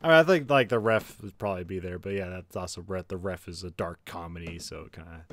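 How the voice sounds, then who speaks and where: A man's voice: deep voice, fast talker, a bit bright, dry recording, clean studio sound. A man co-hosting a podcast, chatting casually about movies, swearing freely and laughing often. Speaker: podcast co-host. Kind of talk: casual movie review chat.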